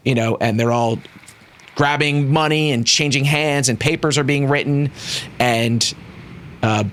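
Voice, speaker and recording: A man narrating a tabletop game as game master, in an animated, casual storytelling way with frequent fillers. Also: mid-range voice, a little slow.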